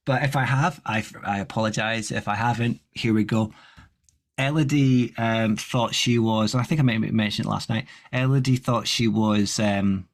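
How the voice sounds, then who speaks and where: A man's voice: lowish voice, fairly even intonation, normal speed. A man co-hosting a running podcast, chatting casually and rambling with many restarts. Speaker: podcast co-host. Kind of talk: casual chat.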